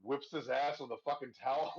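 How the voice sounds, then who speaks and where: A man's voice: mid-range voice, fairly even intonation, brisk, darkish tone, dull audio. Rambling, profane man talking movies. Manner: profane, rambling, laughs a lot. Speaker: podcast host. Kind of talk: casual movie discussion.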